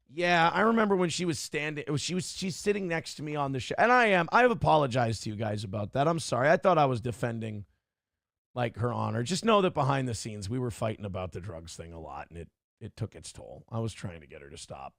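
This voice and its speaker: A man's voice: fairly high pitch, big pitch swings, brisk, vocal fry, a bit bright, no echo. Man, middle-aged, blunt ranting streamer, dry close mic. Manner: blunt, ranting, swears freely. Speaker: streamer host reading chat. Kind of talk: casual livestream commentary.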